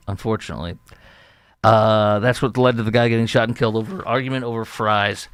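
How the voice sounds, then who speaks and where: Brisk and medium-pitched, a middle-aged man from the Chicago area hosts an opinion talk show monologue on his podcast. He goes through the news in a chatty, storytelling manner, animated and fond of acting out quotes.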